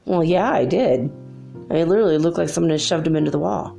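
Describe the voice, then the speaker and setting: A woman's voice: low voice, fast, vocal fry, mellow, faint music behind. A middle-aged woman hosting a spiritual talk show, telling stories in a chatty, rambling way with many fillers. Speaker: spiritual channel host. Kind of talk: casual spoken monologue.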